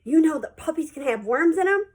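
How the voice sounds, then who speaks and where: A woman's voice: high voice, expressive, fairly quick, voice pushed up. A woman doing a squeamish, wide-eyed little girl. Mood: awed whisper. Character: excitable young girl, squeamish.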